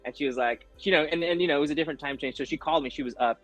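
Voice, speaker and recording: With faint music behind him, a man guesting as an actor races through a story in a slightly high voice during a casual interview. He's animated, imitates the people he quotes, and uses frequent fillers.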